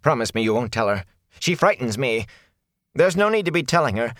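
A man voicing a ragged, frightened male peddler who talks in a raspy, hoarse, whining way. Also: mid-range voice, very animated, brisk, fairly bright tone, no echo, clean studio sound, voice pushed up. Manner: whining, fearful, rambling.

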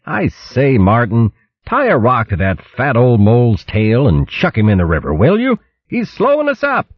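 A crafty, jaunty mouse thief, put on by a man, tossing out mock-nautical orders with a sing-song, very lively lilt. The voice is husky and slightly muffled. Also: fairly high pitch, measured pace, no echo, pitched above the performer's own voice, exaggerated voice. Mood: haughty joking.

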